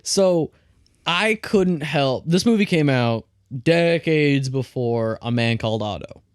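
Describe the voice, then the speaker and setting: A man's voice: mid-range voice, expressive, slow pace, clean tone, no echo, clean studio sound. A young man co-hosting a film podcast, chatting casually and rambling with restarts. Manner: rambling, restarts, comparing films. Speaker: podcast co-host. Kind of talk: casual film review chat.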